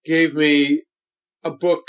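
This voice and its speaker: A man's voice: on the high side, little pitch movement, clean tone. Older man coaching, dull lo-fi sound. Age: 70s. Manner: deliberate, emphatic, instructive. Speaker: voice coach guest. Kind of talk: coaching interview talk.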